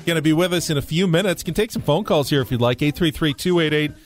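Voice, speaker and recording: A man's voice: fairly high pitch, fast talker. A man hosting a sports talk radio show, who reads station promos and call-in numbers and then chats freely with his co-hosts into a studio microphone.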